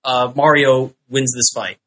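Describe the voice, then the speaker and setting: A man's voice: mid-range voice, fairly even intonation, measured pace, fairly bright tone, low-quality recording. A man on a podcast panel, reasoning hesitantly with many fillers. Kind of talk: casual podcast banter.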